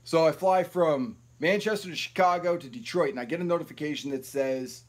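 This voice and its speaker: A man's voice: fairly high pitch, a little fast. A young man telling rambling, profane stories to camera at home, without an external mic. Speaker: YouTube vlogger. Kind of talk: casual storytelling to camera. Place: at home, no ring light set up. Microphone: built-in camera mic, no external mic.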